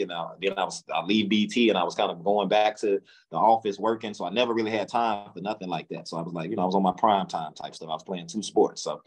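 A low-pitched man with a Memphis Southern accent tells a long, rambling story in a relaxed interview. He repeats and restarts words and acts out other people's lines in a raised voice. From Memphis, Tennessee, US. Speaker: guest, music executive.

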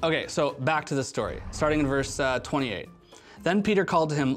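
A man's voice: medium pitch, expressive, brisk, soft background music. A man teaching a casual Bible lesson for teens as a youth pastor, chatty, with filler words.

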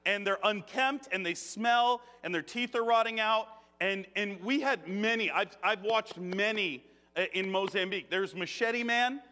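A man preaching a conversational sermon in a church, joking, animated and laughing often. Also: high-pitched, unhurried. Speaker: guest preacher. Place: church sanctuary. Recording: long reverb of a church hall.

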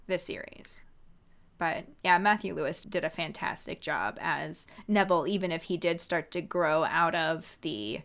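A woman's voice: deep voice, unhurried, a bit bright. A woman co-hosting a podcast in casual chat, gushing and enthusiastic about the books she loves. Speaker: podcast co-host.

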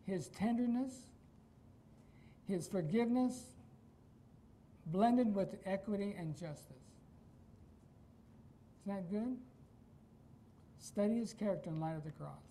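Male pastor from Iowa, relaxed warm sermon delivery, quizzes the pews. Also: high voice, slow pace, long pauses, a little hiss or hum, poor audio. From Iowa, United States. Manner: emphatic, asks the congregation rhetorical questions.

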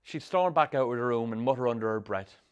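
An actor narrating a film as a troubled young Irish man with a Sligo accent, telling his rough youth in a dry, sardonic way. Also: medium pitch, fast talker, muffled recording, lightly acted. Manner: dry, sardonic storytelling with strong swearing. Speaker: narrator, the film's lead. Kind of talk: scripted film voice-over.

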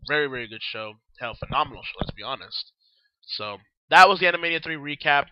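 A man's voice: a little high, lively intonation, quick pace, lo-fi sound, a little hiss or hum. A young man hosting a casual solo newscast, his voice groggy and worn out, rambling and talking while he eats. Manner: rambling, talks while eating and drinking. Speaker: host.

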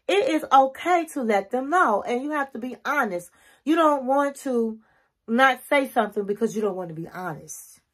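A middle-aged woman giving relationship advice to camera in an earnest, coaching way, working through a numbered list of tips. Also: on the high side. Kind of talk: casual advice talk to camera.

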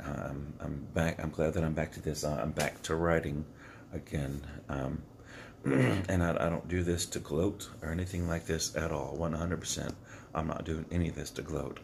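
Early in the morning, before any tea or water, a vlogger with an extremely deep, heavily gravelly voice holds his phone close to his face. He rambles through a motivational message, earnest and halting, full of fillers and restarts, his voice scratchy over faint background noise.

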